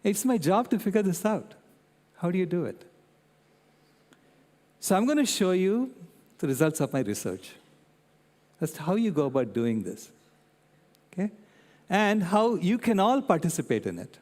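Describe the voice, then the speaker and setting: An older man giving a public talk, an animated storyteller who keeps checking in with his audience. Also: sits high, normal speed, pauses often. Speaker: guest speaker. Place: convention centre hall. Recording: long reverb in a large hall.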